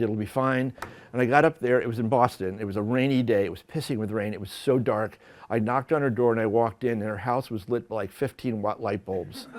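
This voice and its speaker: A man in a mid-range voice tells stories from his working life to a lecture audience. He is lively and self-mocking, with frequent false starts and rephrasings. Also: medium pitch. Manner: animated, self-deprecating storytelling with many restarts. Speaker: photographer giving a talk. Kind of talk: storytelling lecture. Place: lecture hall at an art school.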